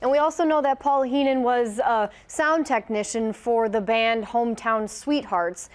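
A woman news anchor reading a scripted evening news broadcast in a measured, formal way. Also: fairly high pitch, steady tone.

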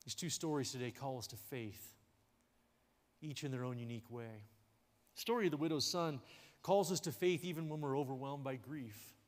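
Man pastor, lively sermon delivery, light jokes, sanctuary echo. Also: mid-range voice, normal speed. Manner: animated preaching with sudden drops to a hush; jokey asides. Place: church sanctuary. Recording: long hall reverb in a church sanctuary.

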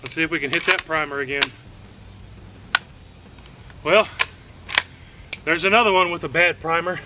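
Over background music, a man with a fairly high-pitched voice hosts a casual outdoor shooting vlog, talking through each shot at the range at a moderate pace. His commentary between shots is laid-back, though he gets winded at times.

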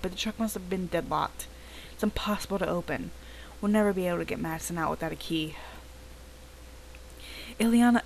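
A woman's voice: mid-range voice, gravelly, slight background noise, close to an everyday voice, rough recording. A woman voicing an anxious, earnest young woman who is trying to rescue a friend.

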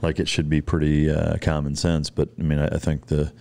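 A man hosting a podcast, speaking in a casual, halting, profane way with many fillers and restarts. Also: a bass voice, completely flat delivery, gravelly, a little mellow. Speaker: podcast host.

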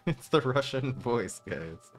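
Male game streamer, mid pitch with a bouncy, animated delivery, excitable, chatting to viewers, faint music under him. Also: slow. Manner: excitable, laughs often, talks to chat. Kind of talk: live-stream gameplay commentary.

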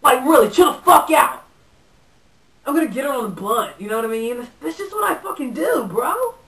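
A woman's voice: high voice, very animated, brisk, fairly bright tone, full character voice. A woman playing a young stoner surfer guy who delivers pizza, talking in a laid-back, profane way full of dude and bro. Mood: stoned, rambling. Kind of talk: comedic character monologue. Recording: echoey room, voice far from mic.

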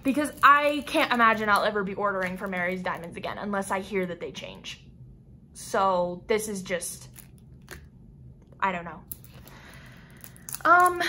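A woman's voice: medium pitch, expressive, normal speed, pauses often, pushed and bright, a little hiss or hum. A young woman vlogging a craft unboxing, frustrated, sighing and rambling with restarts. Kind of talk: casual unboxing vlog.

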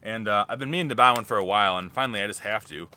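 A man's voice: lowish voice, very fast, bright, forceful tone, slight background noise. A young man rambling casually through a live thrift haul as a reselling vlogger. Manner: rambling, chatty, restarts often.

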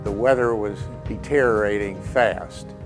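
A man speaking in a documentary interview, retelling events in an unhurried explanatory way with occasional restarts. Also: fairly low pitch, over music. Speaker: interviewed expert.

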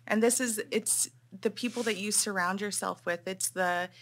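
A woman's voice: medium pitch, fairly even intonation, moderate pace, fairly bright tone. A young adult woman speaking earnestly in a casual chat, moved and restarting her sentences often. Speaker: interviewer.

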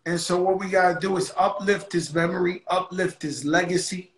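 A man's voice: sits high, fairly even intonation. Heartfelt male host, echoey sound. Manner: heartfelt, halting. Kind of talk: casual conversation.

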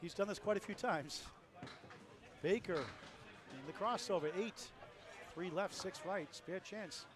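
A man giving live play-by-play on a bowling match, rattling off scores and plugging the channel. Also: high-pitched. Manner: rapid score calls, lively promo plugs. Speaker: play-by-play commentator. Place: bowling alley. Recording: loud crowd in a bowling hall.

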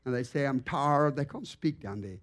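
A man preaching in a church as a guest evangelist, telling stories with lively, acted-out animation. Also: mid-range voice, brisk. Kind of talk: storytelling sermon. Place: church sanctuary.

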